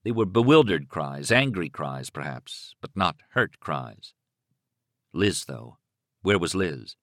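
A man narrating a novel in an expressive, dramatic reading. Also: deep voice, slow, no echo, studio quality. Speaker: audiobook narrator. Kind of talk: scripted narration.

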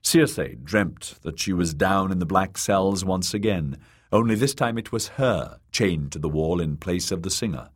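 A man narrating an audiobook in a measured, dramatic reading. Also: low-pitched.

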